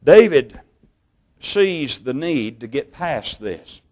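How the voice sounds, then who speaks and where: A man preaching a sermon, reading Bible passages in a measured way, slowing down on key words and correcting his own slips. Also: fairly high pitch, big pitch swings, darkish tone. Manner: measured, slow over key words, stumbles on names and corrects himself.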